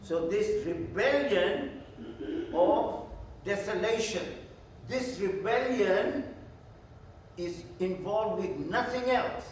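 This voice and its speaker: Slow, high-voiced preacher in an echoey hall. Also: male voice, lively intonation, distant mic, a little hiss or hum. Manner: emphatic, asks and answers his own questions. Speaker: pastor. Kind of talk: Bible study teaching. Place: church hall. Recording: very echoey church hall, from afar.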